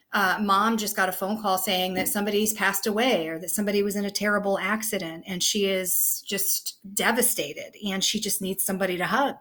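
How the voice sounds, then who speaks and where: Her mid-range voice has a slightly bright quality as she teaches an online lesson. She keeps things casual and conversational, sprinkling her explanations with plenty of "okay" and "you know."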